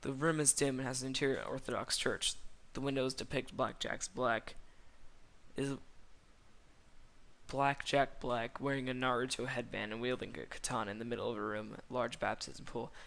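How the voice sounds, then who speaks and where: Gravelly man reading fanfic deadpan. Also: medium pitch, normal speed. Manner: deadpan reading with stumbles and self-corrections. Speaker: fanfiction reader. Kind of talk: reading a comedic fanfiction aloud.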